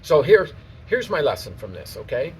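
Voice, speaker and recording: A man's voice: mid-range voice, sing-song, normal speed. A man teaching golf outdoors on the course, explaining in a casual, plainspoken, conversational way. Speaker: golf instructor. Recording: distant mic, faint outdoor noise.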